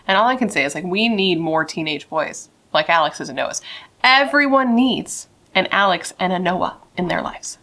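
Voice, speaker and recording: A woman's voice: fairly low pitch, animated, normal speed, a bit bright. A young woman telling a true crime story in a casual, chatty way, swearing and saying "like" a lot.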